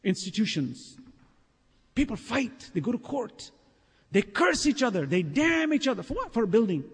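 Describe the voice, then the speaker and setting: A man preaching a sermon in an earnest, emphatic way, swinging between soft and loud and reciting scripture in Arabic. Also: very high-pitched, very animated, normal speed, slightly rough. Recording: long reverb of a hall.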